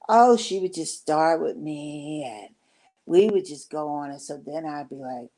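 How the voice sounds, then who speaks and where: Older woman vlogger, deep, dark voice, unhurried storyteller with chatty asides. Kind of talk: personal storytelling.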